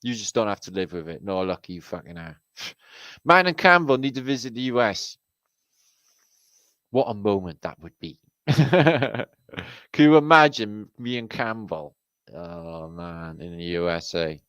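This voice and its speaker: A British man hosts a casual livestream and chats with his viewers in a loose, rambling way. His voice sits a little low, and he swears freely in chummy slang. The sound is dry and close, with no room around it. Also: animated, measured pace, fairly bright tone, clear, resonant tone, dry recording, poor audio. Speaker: livestream host. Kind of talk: casual livestream chat, reading out viewer comments. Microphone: streaming setup mic.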